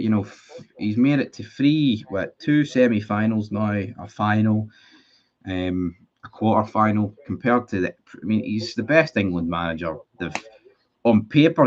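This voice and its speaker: Rambling man on a lo-fi stream. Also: fairly low pitch. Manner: rambling, blunt, swears freely, many restarts. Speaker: livestream host. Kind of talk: casual livestream chat reading viewer comments. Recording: dull lo-fi stream audio.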